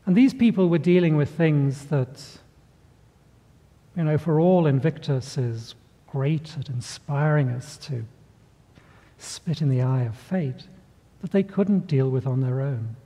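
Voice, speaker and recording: A middle-aged man delivers a sermon, pausing deliberately between phrases. His voice is warm and a little husky, sitting somewhat high for a man. It carries with a long reverb, as if in a church hall. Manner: storytelling with acted voices, measured pauses. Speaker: pastor.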